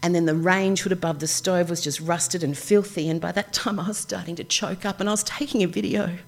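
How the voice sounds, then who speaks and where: A middle-aged Australian woman telling a personal story live, chatty and animated, acting out the voices of people she quotes. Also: fairly low pitch, fairly quick, gravelly.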